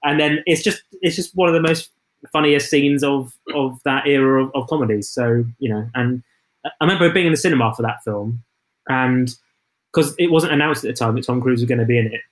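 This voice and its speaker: A man's voice: mid-range voice, brisk. A man co-hosting a podcast, chatting casually and enthusiastically about films, often restarting his sentences. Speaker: podcast co-host. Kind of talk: casual film chat.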